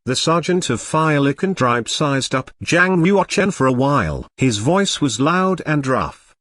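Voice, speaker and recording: Brief: male audiobook narrator, mid pitch, lively reading, dry close mic. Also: a little slow, few pauses, no echo. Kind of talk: audiobook narration of a fantasy novel.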